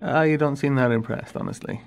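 A man filming a casual vlog of his pet ferrets, cooing to them in gentle baby talk. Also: medium pitch, brisk, gravelly. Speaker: vlogger.

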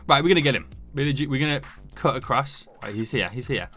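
Animated gaming commentator. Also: male voice, on the high side, fast, no echo, soft background music. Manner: animated, shouts and talks to himself while playing. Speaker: gaming YouTuber. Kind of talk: excited gameplay commentary.

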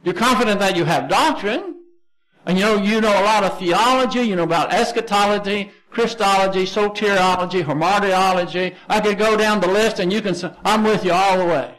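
The audio is poor as a Texan-accented pastor preaches, his high, slightly bright voice staying conversational and emphatic. He slows down whenever he wants to stress a key phrase.

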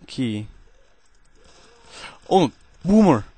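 A man doing gameplay commentary in a cheesy put-on Russian accent, speaking halting, broken English into a headset. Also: medium pitch, very animated, dark tone, breathy edge, no echo. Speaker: gaming commentator.

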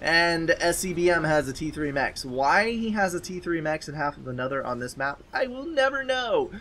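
A man casting a real-time strategy match, giving calm running commentary with dry, wry asides. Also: on the high side, moderate pace, slight background noise. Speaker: game caster. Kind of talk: game commentary.

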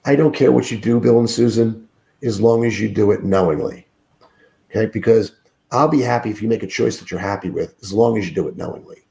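Groggy, gravelly man coaching on sales. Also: fairly low pitch, brisk, warm tone. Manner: emphatic, repeats words, many fillers. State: groggy, sick voice. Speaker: sales trainer guest. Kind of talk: podcast interview, coaching talk. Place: room alone, remote call.

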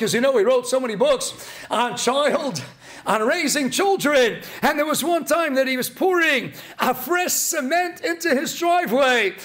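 A man giving a Torah talk as a rabbi, emphatic and repetitive, with bursts of loud emphasis. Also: extremely high pitch.

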